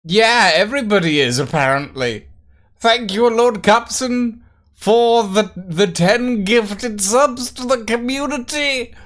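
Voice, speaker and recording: Slow-talking playful male streamer. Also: high voice, fairly bright tone. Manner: playful, rambling, mutters while writing. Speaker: livestream host. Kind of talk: casual livestream chat.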